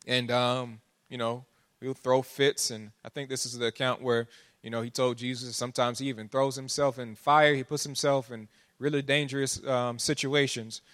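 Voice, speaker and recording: A man's voice: mid-range voice, little pitch movement, normal speed, a bit bright. A man preaching a sermon as pastor, drawing listeners in with questions and building to pleading emphasis. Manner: preaching with rising, pleading intensity and call-and-response asides.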